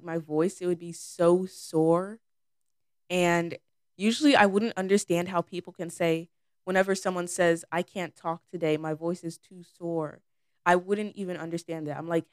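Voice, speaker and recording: A woman's voice: fairly low pitch, clear, resonant tone, dry recording, clean studio sound. A teenage girl hosting her own episode, talking casually and rambling with lots of "like" and "um". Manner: chatty and rambling, many "like"s and "um"s. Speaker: podcast host. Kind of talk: casual personal monologue.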